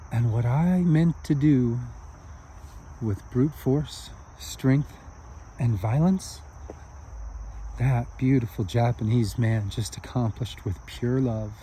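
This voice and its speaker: A man doing a quiet, murmuring martial arts master. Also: slow pace, long pauses, slight background noise, natural voice, poor audio. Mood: awed. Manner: low, murmured inner thoughts. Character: tense young martial arts master, inwardly awed.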